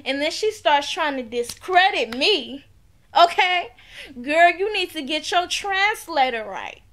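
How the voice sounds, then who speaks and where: A woman chatting casually to camera in a reality TV recap, sassy and quick to laugh. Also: very high voice, big pitch swings, fairly bright tone. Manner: chatty and sassy, talks straight to viewers; laughs often.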